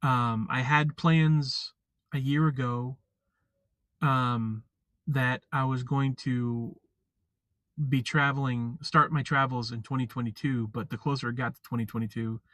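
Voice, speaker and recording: A man's voice: medium pitch, steady tone, a bit bright, dry recording. Rambling man chatting on a live stream. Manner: rambling, halting, many fillers and restarts. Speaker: vlogger. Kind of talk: casual live chat.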